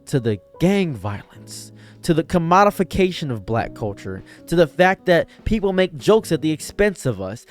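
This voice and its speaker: A man delivering an impassioned commentary monologue, emphatic and swinging from raised outbursts to quiet, low lines. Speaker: online commentator and streamer.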